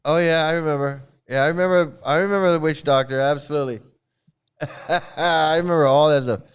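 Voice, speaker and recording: A man's voice: a little high, steady tone, a little fast, clean tone. A man hosting a casual reaction livestream, mocking and profane, laughing often as he talks. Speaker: online streamer criticizing a cult.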